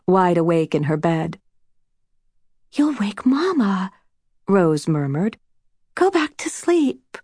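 A woman reading a children's storybook aloud as audiobook narrator, gentle and measured, close to the microphone. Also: on the low side, no room sound.

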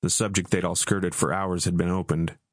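A man reads an audiobook with a very deep, low voice. His narration is measured and even. The recording is close and dry, with no room sound. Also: no room sound.

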